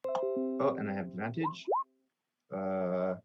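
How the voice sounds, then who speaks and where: A man playing in a tabletop role-playing game, thinking his moves through out loud. His voice sits a little low. The recording is dull and lo-fi. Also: slow pace, loud music behind the voice. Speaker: player.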